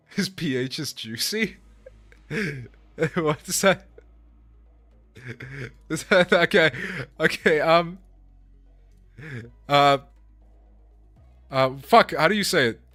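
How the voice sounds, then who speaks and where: A man's voice: on the high side, expressive, very slow, long pauses, bright, forceful tone, no room sound, faint music behind. A man live-streaming a game, chatting with his viewers in a casual, profane way, laughing often and apologizing to chat.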